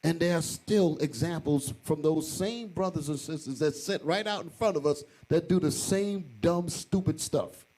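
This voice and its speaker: A man's voice: on the high side, normal speed, hardly any pauses, dark tone, low-quality recording. A man speaking as a deacon in a class, earnest and frustrated, stumbling over repeated words. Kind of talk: class teaching remarks.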